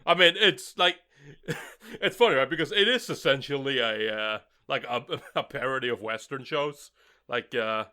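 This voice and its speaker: A man's voice: mid-range voice, normal speed, pushed and bright, clear, resonant tone. A man co-hosting a podcast, chatting casually, laughing often and swearing freely. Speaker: podcast co-host. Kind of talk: casual chat.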